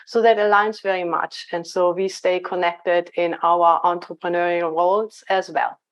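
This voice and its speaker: A woman's voice: lowish voice, little pitch movement, moderate pace, muffled recording. German-accented woman leadership coach. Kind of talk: conversational interview.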